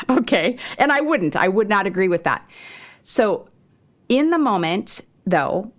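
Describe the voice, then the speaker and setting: A woman's voice: medium pitch, sing-song, takes it slowly, long pauses. A middle-aged woman hosting a homeschool parenting podcast, talking conversationally with fillers and restarts. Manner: warm, conversational, with occasional laughs and fillers. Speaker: podcast host.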